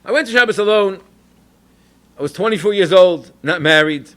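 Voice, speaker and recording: A man from New York, a rabbi and educator, telling an animated personal story in a Torah talk, sprinkled with Yiddish and Hebrew terms. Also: high voice, moderate pace.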